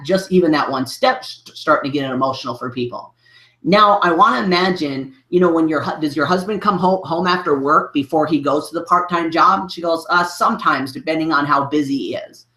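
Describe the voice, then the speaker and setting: A man's voice: a little high, pushed and bright. A man, a business coach, telling a story in a podcast interview, rambling with many restarts and filler phrases. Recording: roomy echo.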